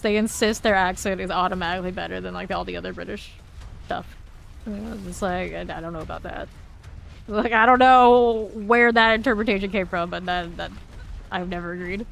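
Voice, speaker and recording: A woman's voice: mid-range voice, creaky, a bit bright. A woman with a light Southern US accent streaming a game, chatting casually and laughing with her viewers as she plays. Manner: chatty and self-teasing, talks to chat while playing, laughs often.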